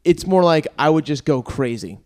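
Lively, joking man with a swinging pitch. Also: moderate pace, dry recording, clean studio sound. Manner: joking, crude, lively banter. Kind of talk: casual podcast chat.

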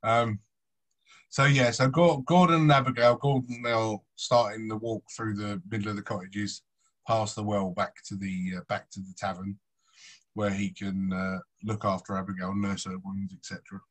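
A man narrates a tabletop game as its game master. His voice sits low, and his storytelling is loose and casual, with easy swearing mixed in. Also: steady tone, normal speed, a bit bright, low-quality recording.

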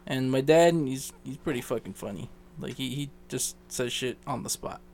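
A young man co-hosting a casual podcast, telling a story with lots of swearing and high squeaky jumps when he quotes people. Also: moderate pace, creaky, slight background noise. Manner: swearing, animated, leaps to a squeaky pitch when quoting others. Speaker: podcast co-host.

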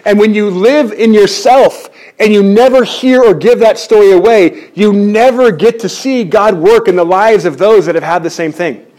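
A man preaching a sermon in church, animated and jokey, often restarting his words. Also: high-pitched, moderate pace, hardly any pauses. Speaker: pastor.

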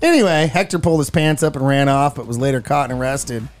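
A man's voice: mid-range voice, fast. Joking radio host man. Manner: jokey, bursts into silly put-on voices. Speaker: morning show co-host. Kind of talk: casual radio banter.

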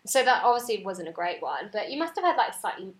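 A woman hosting a casual chat, blunt and quick to react. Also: mid-range voice, sing-song. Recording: roomy echo.

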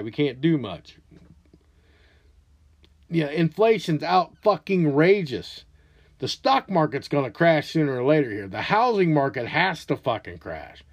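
A man in his forties hosting a podcast, ranting alone in an angry, profane way that swings between loud outbursts and low mutters. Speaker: podcast host. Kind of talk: ranting solo monologue.

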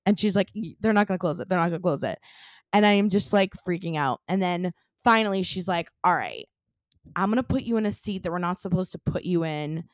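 Speaking a little fast in a fairly low voice, a young woman podcast co-host tells a story in casual chat, animated and packed with "like" fillers. The recording is dry and studio quality.

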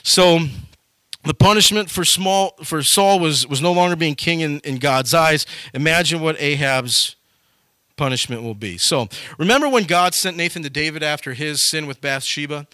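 A young adult man preaching in a casual, animated way, retelling Bible stories and acting out the characters in them. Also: a little high, normal speed, dry recording. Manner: animated, acts out quoted characters with sudden loud jumps.

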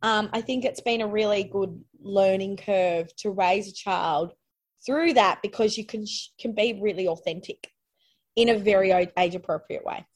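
A woman's voice: medium pitch, moderate pace. Woman, earnest, reflective, candid interview talk, restarts her sentences. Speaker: podcast guest.

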